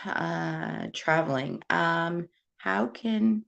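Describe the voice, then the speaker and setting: A woman's voice: sits low, slow, creaky, fairly bright tone, dull audio. A woman from Puerto Rico hosting a casual live stream, answering viewer comments in a rambling, candid way with many fillers. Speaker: host.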